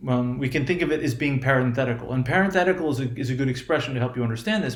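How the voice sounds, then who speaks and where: A man teaching a lesson, halting and full of fillers, often checking with "right?". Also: mid-range voice, reverberant. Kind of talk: lecture.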